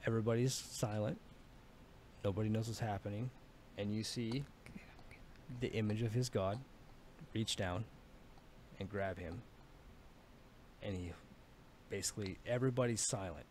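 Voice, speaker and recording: A man's voice: on the low side, fairly even intonation, normal speed, long pauses, darkish tone, slight background noise. A man narrating as dungeon master, telling a battle in a casual, profane way with many fillers. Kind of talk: narrating a tabletop game.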